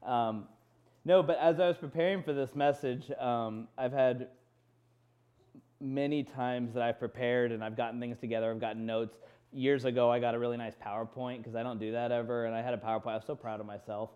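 A man's voice: mid-range voice, steady tone, fairly quick, a little mellow, clean tone, dull audio. A man in his thirties preaching a sermon, telling a personal story candidly and quoting his own inner dialogue. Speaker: pastor.

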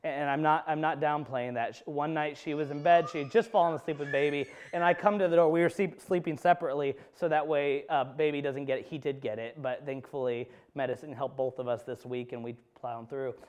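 A pastor preaching a conversational sermon in a church, telling personal stories with self-deprecating humor. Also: male voice, on the high side, steady tone, a little fast, few pauses, darkish tone, clean tone. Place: church sanctuary.

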